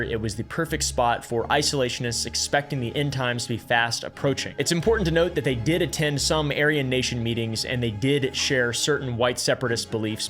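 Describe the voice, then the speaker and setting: A man's voice: medium pitch, fairly bright tone. A man hosting a casual explainer, narrating a story and breaking off into sarcastic, crude joking asides. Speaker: YouTube host.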